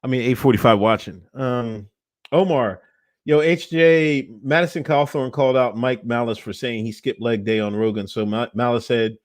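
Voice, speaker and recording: A man's voice: medium pitch, normal speed, no room sound. A man co-hosting a casual podcast, cursing, laughing often and reading out viewer comments. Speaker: podcast co-host.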